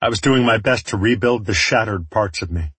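A man's voice: fairly low pitch, brisk, fairly bright tone, slightly rough, no echo. A man narrating an audiobook in the first person, with a wry, reflective storytelling manner.

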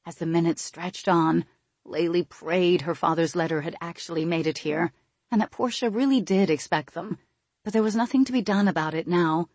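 A woman narrates an audiobook in a low, husky voice with steady, measured storytelling. The recording is close and dry, with no room sound. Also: dry recording.

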